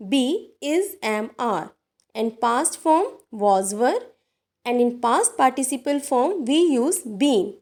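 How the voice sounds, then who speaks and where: Slow, high-voiced woman teaching grammar. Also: a little mellow. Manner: slow, deliberate, addresses viewers as dear students. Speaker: English teacher. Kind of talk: recorded grammar lesson.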